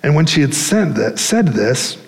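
A man's voice: a little high, sing-song, unhurried, long reverb tail, low-quality recording. A male pastor preaching a sermon in a conversational way, with fillers and restarts.

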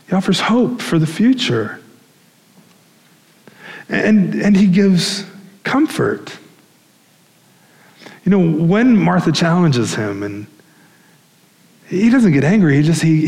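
A man's voice: fairly high pitch, sing-song, a little slow, pauses often, a little mellow, long reverb tail, rough recording. A male pastor preaching a sermon in a conversational way, with fillers and restarts.

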